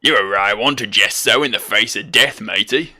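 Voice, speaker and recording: A man voicing a gruff middle-aged male sky pirate, reading the game's lines aloud in an old-timey pirate growl. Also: lowish voice, normal speed, sharp tone, exaggerated voice. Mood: scornful. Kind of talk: reading game dialogue aloud in voices.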